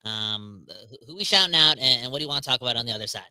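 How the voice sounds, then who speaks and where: A man co-hosting a hockey podcast in casual chat, energetic and slangy, joking with viewers. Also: medium pitch, very fast, no room sound. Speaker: podcast co-host.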